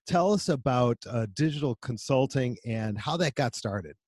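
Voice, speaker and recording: A man's voice: mid-range voice, animated, normal speed, darkish tone, dry recording. Upbeat male podcast host, dry sound. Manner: upbeat, encouraging, chatty with fillers. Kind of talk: business podcast interview.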